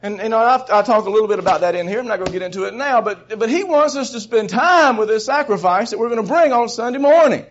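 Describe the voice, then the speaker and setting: A high-pitched man preaching in a lively, storytelling way, dropping to quiet asides and then climbing to loud bursts. He chuckles between points. The recording sounds dull and lo-fi, with the top end muffled. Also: fast, few pauses. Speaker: preacher teaching a Bible session. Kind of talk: sermon teaching.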